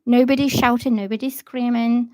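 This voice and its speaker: A woman chatting bluntly on a livestream as a tarot reader, telling a story in an animated way. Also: a little high, moderate pace, dry recording. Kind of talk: casual livestream chat. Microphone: phone or laptop.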